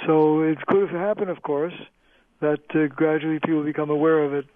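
A male linguist, a guest on a radio interview, explaining in a measured way with frequent pauses over the phone. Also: on the high side, fairly even intonation, no room sound. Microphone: telephone. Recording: tinny phone line, dry.

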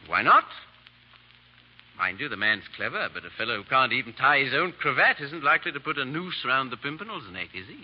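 An actor playing a vain, silly baronet with an affected, dithering drawl, in a 1930s radio drama. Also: male voice, medium pitch, very animated, a little fast, a little hiss or hum, natural voice. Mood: teasing. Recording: dull old radio broadcast.

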